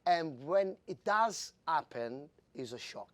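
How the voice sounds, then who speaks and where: A man in his fifties from Italy, a jockey telling stories in an interview, animated and laughing, acting out quoted voices. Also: fairly high pitch, takes it slowly, no echo. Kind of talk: storytelling in an interview.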